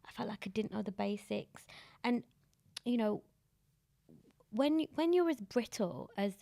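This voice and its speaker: A British woman in her thirties, a guest in an interview, telling personal stories in a candid, animated way and laughing often. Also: fairly high pitch, measured pace, vocal fry. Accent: British English. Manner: warm storytelling, laughs often. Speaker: guest, disability activist.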